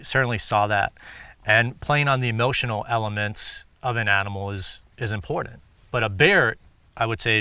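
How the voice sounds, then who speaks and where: A man's voice: lowish voice, sharp tone, dry recording. A man hosting a casual interview, thoughtful and hesitant as he works through his points. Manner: thoughtful, hesitant, many fillers and restarts. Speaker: podcast host.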